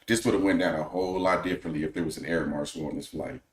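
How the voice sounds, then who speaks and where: Low voiced guy on a podcast, measured, opinionated, kinda echoey room. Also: steady tone. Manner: measured, opinionated, poses questions. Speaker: podcast co-host. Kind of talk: casual podcast chat.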